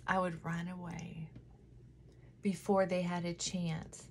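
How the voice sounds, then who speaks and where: A woman's voice: on the low side, flat delivery, takes it slowly, slight background noise. A middle-aged woman chatting emotionally and candidly while doing her makeup at home, close to tears at times. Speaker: vlogger.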